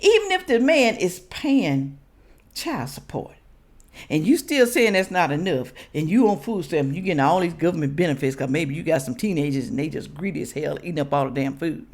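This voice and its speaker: A woman from Memphis, hosting a reaction video and giving blunt, animated commentary to her viewers. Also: low voice, moderate pace. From Memphis, Tennessee. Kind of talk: casual commentary.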